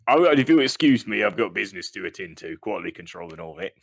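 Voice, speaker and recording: A man voicing a crude, short-tempered male orc warrior with a put-on British accent, swearing gruffly at the table. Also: deep voice, animated, fast talker, dry recording, heavily acted. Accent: British, put on for the figure. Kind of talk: tabletop role-play over a call. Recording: dull lo-fi call audio, dry.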